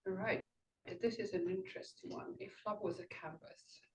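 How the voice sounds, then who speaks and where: An older woman giving an impromptu speech at a club meeting, thoughtful and rambling, pausing to find her words. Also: mid-range voice, echoey room, poor audio. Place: meeting room.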